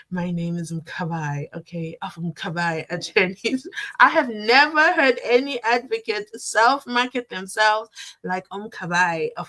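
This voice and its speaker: Animated South African woman streamer. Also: on the high side. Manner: animated, reads viewer comments aloud and reacts. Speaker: commentary channel host. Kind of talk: casual live-stream commentary. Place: at a desk at home.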